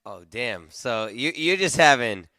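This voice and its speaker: A man's voice: mid-range voice, lively intonation, unhurried, pushed and bright, no echo. A man hosting a podcast who sums up his guest's story and praises him in a casual, encouraging way. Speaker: podcast host. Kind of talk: casual interview chat.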